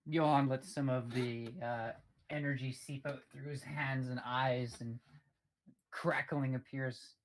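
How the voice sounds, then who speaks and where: A man's voice: medium pitch, flat delivery, takes it slowly, rough recording. A man playing a tabletop game, casually describing what his character does. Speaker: player.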